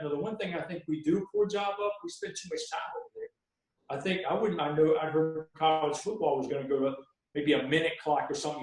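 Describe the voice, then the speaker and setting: A man's voice: on the high side, darkish tone. A man, a veteran basketball referee, telling stories in a podcast interview and acting out what he says to coaches. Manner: folksy storyteller acting out sideline exchanges. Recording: very echoey room.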